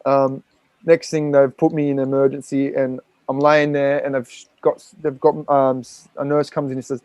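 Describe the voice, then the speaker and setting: A man's voice: mid-range voice, flat delivery, normal speed, a little mellow, smooth, no room sound. An Australian man, a podcast guest, telling a raw personal story with frequent swearing and rambling fillers.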